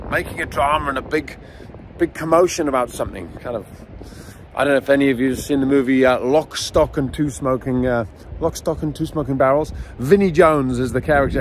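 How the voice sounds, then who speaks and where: A middle-aged man, a dog trainer, teaching outdoors near a beach in a casual, animated storytelling way. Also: mid-range voice, noisy background. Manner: animated storyteller, acts out scenes. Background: faint outdoor ambience with waves.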